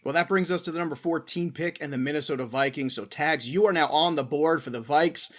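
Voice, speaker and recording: A man's voice: fairly high pitch, a little fast. A man hosting a sports podcast, passing the draft picks between panelists in an easygoing way. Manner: easygoing, moving the draft along. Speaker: host. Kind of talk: casual sports chat.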